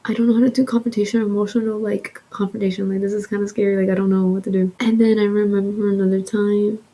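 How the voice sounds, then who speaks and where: A young woman vlogger telling a casual story with animated, swearing delivery, sometimes slipping into a soft breath. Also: mid-range voice, fast, low-quality recording. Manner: animated, swears freely, acts out quotes.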